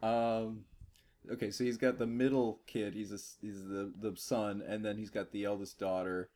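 A man's voice: on the low side, flat delivery, moderate pace, warm tone. A man co-hosting a casual movie review chat, joking around and laughing often. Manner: laughing, jokey, does silly voices. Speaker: podcast co-host.

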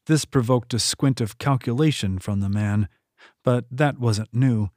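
A man reading a fantasy novel aloud in a steady storytelling manner. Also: unhurried, dry recording, clean studio sound. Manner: steady storytelling read, lifting pitch for quoted characters. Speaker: audiobook narrator. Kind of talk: scripted narration.

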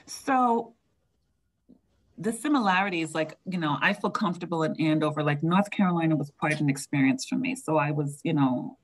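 A woman with a low voice and a New York accent answers questions about her work leading a school district. She talks in a relaxed, conversational way and often pauses on filler words. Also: poor audio. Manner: conversational, frequent fillers and laughs. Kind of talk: interview answers.

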